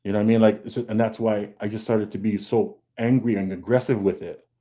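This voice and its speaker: A man's voice: lowish voice, flat delivery, brisk, dark tone. A man, a comic book artist, speaking in a casual, candid panel talk over a video call. He is earnest, restarts often, repeats words and acts out his own thoughts. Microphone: video call mic.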